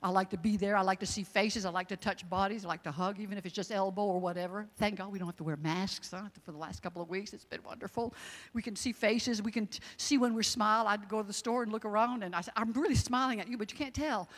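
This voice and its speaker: A middle-aged woman telling her personal testimony in a casual, animated way, with emotional religious exclamations. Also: mid-range voice, fast talker, big-room sound. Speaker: guest sharing a testimony.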